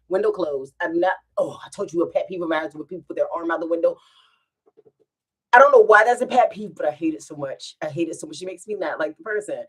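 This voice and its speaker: Woman, casual storytime, rambling, animated, laughs a lot, at home. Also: on the low side. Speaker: vlogger.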